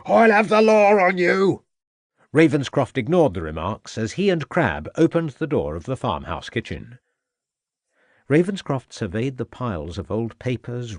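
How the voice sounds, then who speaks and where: A man narrating an audiobook mystery in a steady storytelling manner. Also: mid-range voice, normal speed, dry recording, clean studio sound. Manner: steady storytelling with dialogue tags. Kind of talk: scripted narration.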